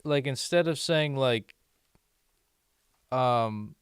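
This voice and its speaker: A man's voice: medium pitch, extremely slow, clear, resonant tone, no room sound, studio quality. A man from the United States giving casual, rambling commentary while doing language-app lessons, full of "like" fillers and amused asides. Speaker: vlogger learning a language.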